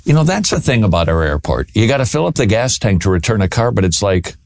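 A man hosts a talk radio show with a lowish voice, recorded dry and close in the studio. He banters and teases his guest in a light, joking way. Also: big pitch swings, quick pace, creaky, no room sound. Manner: jokey, teasing.

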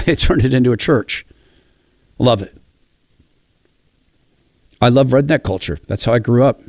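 A middle-aged man from the Pacific Northwest of the United States talks through personal stories in a reflective, enthusiastic way. His voice sits at a medium pitch. The recording is dry and close. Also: dry recording. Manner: warm storytelling, enthusiastic and reflective. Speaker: speaker.

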